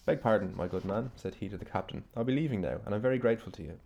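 A man's voice: fairly low pitch, very fast, a little mellow. Man putting on a courteous mysterious stranger. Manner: courteous, formal. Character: polite, mysterious young man from under the sea.

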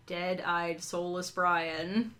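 A woman chatting casually, laying out her points step by step in a thoughtful way. Her voice sits somewhat low. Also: little pitch movement, drawn-out words, fairly bright tone. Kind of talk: casual chat.

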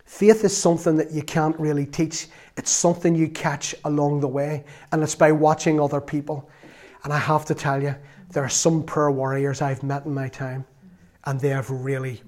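Male lay preacher, fairly high voice, earnest storyteller who breaks into loud exclamations. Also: fairly even intonation, moderate pace. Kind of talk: sermon.

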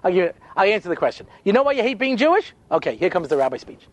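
A man, a rabbi, telling funny stories in an animated way, with quick asides and acted-out voices. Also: sits high, no echo. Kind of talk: humorous storytelling talk.

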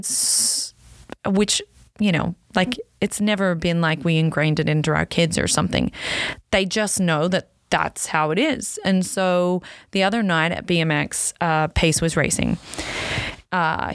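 Chatty mom telling a story, dry mic. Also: female voice, no echo. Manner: chatty, many fillers, pitch jumps up when excited. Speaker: podcast host, racer's wife and mother. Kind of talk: casual personal storytelling.

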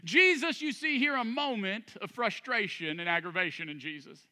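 A man's voice: extremely high pitch, big-room sound. A man pastor preaching a sermon in a church room before a congregation, praying, reading scripture and joking as he goes. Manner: animated, jokey preaching with prayer and scripture reading.

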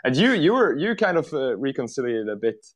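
A man co-hosting a podcast in casual chat, excitable, laughing often and tripping over his words. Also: mid-range voice, brisk. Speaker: podcast co-host.

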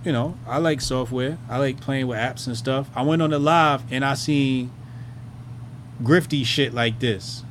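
Hosting a commentary show, this man speaks at medium pitch and a little slowly, with slight background noise in the recording. His delivery is loose and rambling, full of swearing and fillers as his thoughts trail off into casual, profane commentary.

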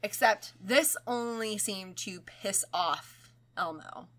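A young adult woman co-hosting a podcast, telling a creepy story in casual chat, animated and swearing freely. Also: medium pitch, takes it slowly. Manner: animated, swearing, acts out quoted voices. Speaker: podcast co-host.

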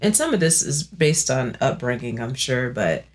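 A woman in her thirties co-hosting a casual chat podcast, animated and acting out her own thoughts in playful voices. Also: rumbling low, moderate pace. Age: 30s. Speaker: podcast co-host.

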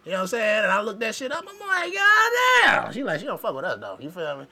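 A man hosting a podcast, telling profane, animated stories in casual chat and laughing often. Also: sits high, rapid-fire. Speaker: podcast host.

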